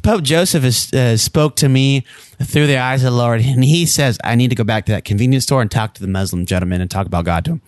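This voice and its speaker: A man's voice: mid-range voice, quick pace, no echo, studio quality, lightly acted. A man voicing a nervous, evasive young boy who stammers and hesitates, in an improvised comedy sketch. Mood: hesitant.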